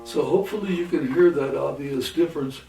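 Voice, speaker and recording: A man teaching a guitar lesson, explaining halting with many restarts and counting beats aloud. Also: fairly high pitch, gravelly, far from the mic. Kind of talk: lesson with demonstrations. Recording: roomy, from off the mic, faint noise.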